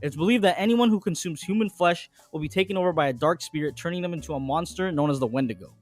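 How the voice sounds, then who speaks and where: A man narrating a comedy video at a rapid clip, with crude jokes and dry asides. His voice sits a bit higher than most men's. Soft music runs faintly behind him. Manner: crude, jokey, deadpan asides.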